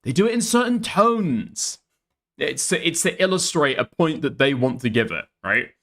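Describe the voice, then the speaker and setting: Man, streamer commentary, somewhat high voice, blunt, profane. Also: lively intonation, moderate pace, a bit bright. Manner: blunt, profane, repeats "okay?". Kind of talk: casual reaction commentary.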